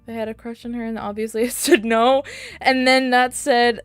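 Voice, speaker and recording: A woman's voice: a little high, little pitch movement, moderate pace, smooth, soft background music. A young woman streaming a video game, chatting casually and rambling, with sudden squeals at the game. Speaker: VTuber streamer. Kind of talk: casual gameplay chat.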